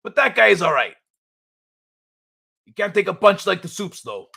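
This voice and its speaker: A man hosting a live stream, chatting casually and reading viewer comments in a jokey, animated way, laughing often. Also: sits high, moderate pace, vocal fry, husky.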